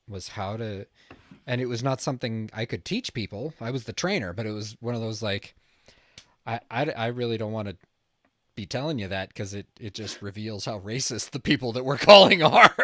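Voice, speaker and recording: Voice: mid-range voice, a bit bright, no echo. A podcast panelist speaking bluntly and emphatically in casual conversation.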